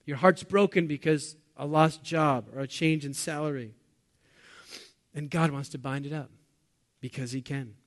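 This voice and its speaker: Animated preaching man, fairly high voice. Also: normal speed. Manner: animated preaching, swinging from loud bursts to quiet low lines; asks the congregation questions. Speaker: pastor. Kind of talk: sermon.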